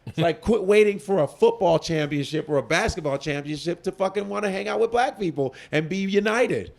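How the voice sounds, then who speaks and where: High-voiced man ranting, profane. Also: lively intonation, brisk, vocal fry. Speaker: comedian guest. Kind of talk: casual interview chat.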